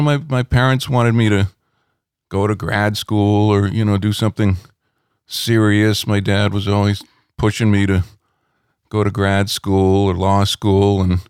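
A middle-aged man, a rock critic, telling anecdotes in a relaxed interview at home, rambling with many fillers. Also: lowish voice, unhurried, clean tone, dry recording, clean studio sound.

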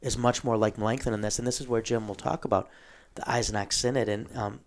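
A man hosting a casual theological discussion, explaining a book at length with frequent ums and throat clearing. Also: lowish voice, fairly even intonation, fast.

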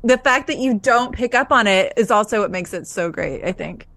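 A woman's voice: medium pitch, lively intonation, moderate pace, fairly bright tone, dry recording. A woman in casual movie chat on a podcast, her voice close and dry with no room around it. She lays out her point carefully and agrees often with the others. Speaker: podcast co-host.

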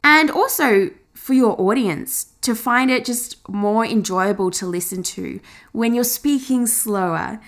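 A woman teaching on camera as a marketing coach, chatty and encouraging, showing how fast, slow, high and low delivery sounds.

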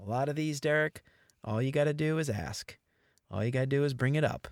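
A man co-hosts a casual podcast in a relaxed, playful, chatty way. His voice sits at an ordinary middle pitch. It is recorded close and dry, with no room sound. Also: fairly quick, no echo. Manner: laid-back, playful, chatty. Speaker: podcast co-host.

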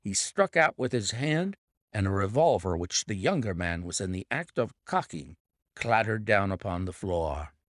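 A man narrating a detective mystery audiobook with dramatic, expressive storytelling. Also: fairly low pitch, normal speed, no echo, studio quality. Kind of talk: scripted narration.

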